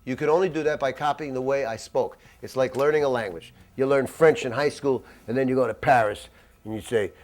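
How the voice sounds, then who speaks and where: A man teaching a jazz masterclass in a conversational, animated way, tossing in acted asides, in a dry room. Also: mid-range voice, brisk. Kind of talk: masterclass lecture. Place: dry room with little reverb.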